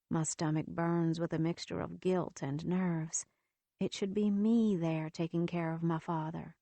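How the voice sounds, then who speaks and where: A woman narrating a first-person romance audiobook in a steady, measured reading. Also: on the low side, no room sound.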